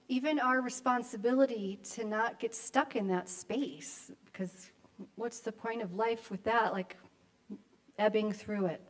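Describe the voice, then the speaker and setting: An older woman, a grandmother and minister, giving a conversational sermon in a church, with reflective pauses and friendly asides. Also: mid-range voice. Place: church sanctuary.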